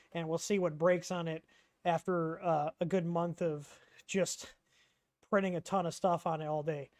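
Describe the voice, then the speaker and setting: A man's voice: high-pitched, no echo, studio quality. Chatty Midwestern man hosting a livestream. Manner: rambling, chatty, reads out chat messages, frequent ums. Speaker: livestream host answering chat questions. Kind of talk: casual livestream Q&A.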